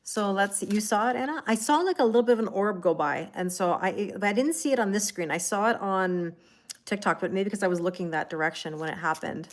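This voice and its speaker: A woman's voice: medium pitch, a little fast. A woman hosts a casual livestream tarot reading in an ordinary mid-range voice. She rambles and chats with viewers by name. Her talk is full of "like" and restarts. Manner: heavy use of "like" and restarts. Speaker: tarot reader.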